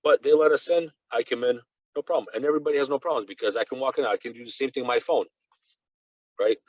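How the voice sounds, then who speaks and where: A man from Russia whose first language is Russian, a guest reporter telling an animated, rambling story full of "you know" fillers. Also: mid-range voice, fast talker, no echo, dull audio. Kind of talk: casual conversational storytelling.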